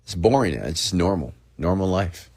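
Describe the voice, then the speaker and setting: Deep-voiced man in a casual rant. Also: lively intonation, normal speed, a little mellow, slightly rough, no echo. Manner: casual, repetitive, peppered with "okay?" and "get it?". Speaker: online marketing host. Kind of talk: unscripted livestream rant.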